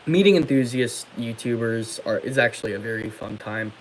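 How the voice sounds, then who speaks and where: Young man, livestream host, chatty, reads comments aloud, medium pitch, faint background noise. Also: normal speed, rough recording. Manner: chatty, reads comments aloud and answers them, many fillers. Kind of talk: casual livestream chat reading viewer comments.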